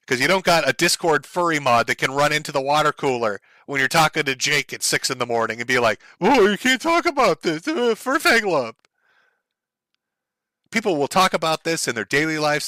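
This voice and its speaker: This is a man in a livestream commentary rant, and his voice sits a little high with a bright, cutting edge. He is blunt and sarcastic, and he swears freely while he gets heated. His voice sounds close and dry. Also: fairly quick, dry recording. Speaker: streamer host.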